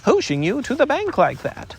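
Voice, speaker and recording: A man's voice: very high-pitched, huge pitch swings, normal speed, a little hiss or hum, voice pushed up, exaggerated voice. Rabbit, a man doing a fussy rabbit. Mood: officious. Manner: bossy, officious. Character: fussy self-important male rabbit.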